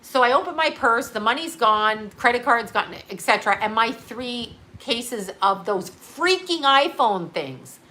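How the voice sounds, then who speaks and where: A woman's voice: on the high side, lively intonation, unhurried, few pauses, pushed and bright. A woman telling a rambling story to her live viewers in a casual, chatty way, swearing freely. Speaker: livestream host.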